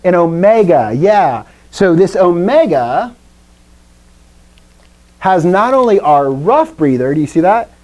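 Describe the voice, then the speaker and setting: Woman, chatty joking teacher on a video call, very lively pitch. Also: slow pace, long pauses. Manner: lively, chatty, quizzes the class, jokes. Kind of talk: live classroom lesson.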